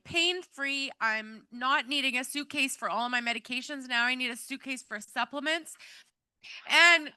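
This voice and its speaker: A woman's voice: high voice, bright, forceful tone, no echo. A middle-aged woman giving an emotional personal testimony to a live audience, earnest and rambling with many fillers. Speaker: event speaker giving a testimonial.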